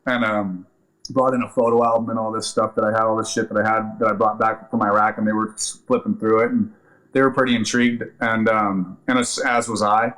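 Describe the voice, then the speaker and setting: Fast-talking man telling a story. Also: fairly low pitch, low-quality recording. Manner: lively anecdotal retelling, profane, many fillers. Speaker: podcast guest, actor and army veteran. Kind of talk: casual storytelling interview.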